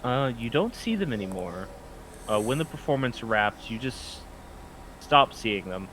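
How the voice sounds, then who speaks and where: A man's voice: medium pitch, sing-song, a little slow, fairly bright tone, slight background noise, low-quality recording. A man narrating as game master of a tabletop game in an easygoing, descriptive way.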